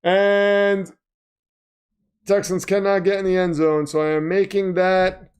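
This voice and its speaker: Casual male stream host, high clear voice, rambling play-by-play, self-deprecating, erupts with excitement. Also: slow. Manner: flustered, self-deprecating, breaks into excited shouts. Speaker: livestream host. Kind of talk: casual livestream commentary.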